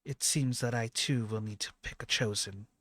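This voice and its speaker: A man voicing a calm, courteous female noble who speaks in a polite, formal way. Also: medium pitch, normal speed, no room sound, close to an everyday voice.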